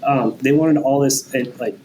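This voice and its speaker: A man casually discussing a movie as a podcast guest, speaking in a relaxed, practical way from his own experience. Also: medium pitch, moderate pace, slight background noise, poor audio.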